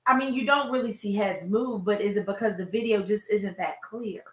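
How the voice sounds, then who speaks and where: A woman's voice: medium pitch, brisk, reverberant. A woman co-hosting a casual reaction chat, reasoning aloud and firm in her opinions. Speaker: co-host reacting to videos.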